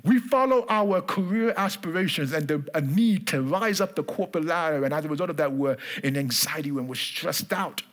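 A man's voice: on the high side, a little fast, hardly any pauses. A male pastor preaching a sermon in church, emphatic and repetitive, calling on the congregation to answer.

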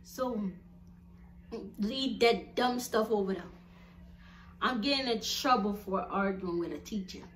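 A young woman vlogger chatting casually to her viewers, animated and blunt, laughing often as she tells stories. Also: mid-range voice, a little slow, pauses often, a little hiss or hum.

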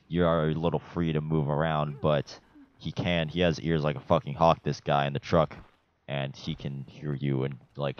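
A young man with an extremely deep, low voice talks through a video game walkthrough in a relaxed, rambling way, dropping casual swears as he goes. The recording is dull and lo-fi, like a cheap voice-over mic. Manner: laid-back and chatty, swears casually, rambles with fillers. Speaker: gameplay guide narrator. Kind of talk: casual gameplay walkthrough commentary.

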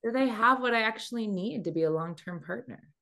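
Woman, dating coach, motivational talk, expressive storyteller who acts out quotes. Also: fairly high pitch, brisk, vocal fry.

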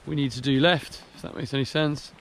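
A man's voice: medium pitch, fairly even intonation, fairly quick, fairly bright tone, slight background noise, rough recording. A young man from England vlogging a long all-night charity walk outdoors, tired and self-mocking, chatting into a handheld camera. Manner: tired, self-mocking, laughing between remarks. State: weary from walking all night. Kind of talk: casual walking vlog. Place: outdoors on a coastal route.

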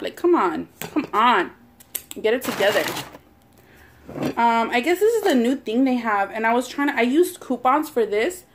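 A woman's voice: a little high, lively intonation, moderate pace, a little hiss or hum. A young woman vlogger and mother who chats casually and swears a lot while eating on camera. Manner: chatty, swears a lot, rambling. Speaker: mukbang vlogger. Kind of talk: casual eating-show chat.

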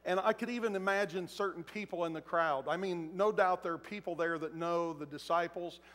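A man's voice: high voice, a little fast, fairly bright tone. A man preaching a sermon in a large church auditorium, talking conversationally and acting out quotes. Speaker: pastor. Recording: echoey hall.

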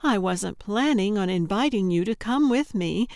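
A woman narrator voicing a giggly, unhinged female kidnapper who talks in a high, bubbly, overly friendly sing-song. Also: lively intonation, moderate pace, darkish tone, dry recording, studio quality, natural voice. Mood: sugary, chirpy. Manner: chirpy and overly friendly, tittering. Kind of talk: audiobook character voice.

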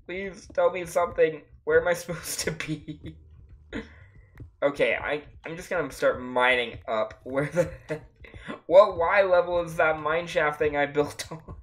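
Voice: mid-range voice, measured pace. A livestreamer giving casual gameplay commentary, laughing often and breaking into frequent exclamations. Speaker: livestreamer playing a block-building game. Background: faint music playing.

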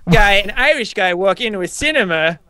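A young man joking around playfully during a casual game session with a friend, sometimes shouting. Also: sits high, lively intonation, a little fast, smooth, no room sound. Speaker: gamer. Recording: faint game music behind.

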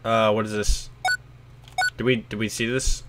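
A man's voice: lowish voice, level tone, unhurried, heavy background noise. A man streaming a video game, reacting casually with lots of swearing in a sleepy, mumbling way. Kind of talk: casual gameplay commentary. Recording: game music playing behind.

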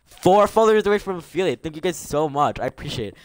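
Teen male streamer, excitable banter, clean and resonant tone. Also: a little high, fast talker. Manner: excitable, gasping, bantering with chat. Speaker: game streamer. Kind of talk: live gaming stream chat.

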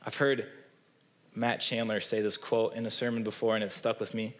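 A man's voice: lowish voice, flat delivery, moderate pace, fairly bright tone. A man with a Midwestern American accent preaching a sermon in a church, earnest and conversational, often checking in with "right?". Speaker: pastor. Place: church sanctuary.

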